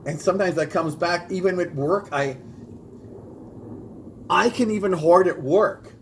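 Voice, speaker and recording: A man's voice: high-pitched, measured pace, a little hiss or hum, low-quality recording. A man rehearsing a stand-up comedy bit, with punchy delivery and a repeated catchphrase. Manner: bilingual.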